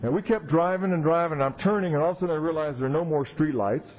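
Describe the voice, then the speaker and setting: A man speaking at a recovery convention, telling his story in an animated way and acting out the people he quotes. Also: on the high side, very fast. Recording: tinny 1990s tape recording.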